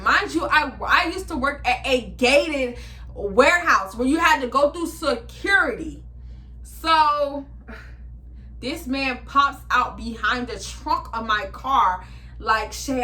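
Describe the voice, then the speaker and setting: Bright-voiced, blunt young woman vlogger. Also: sits high, a little slow. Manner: animated, blunt, swearing, talking straight to viewers. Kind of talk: storytime chat to camera.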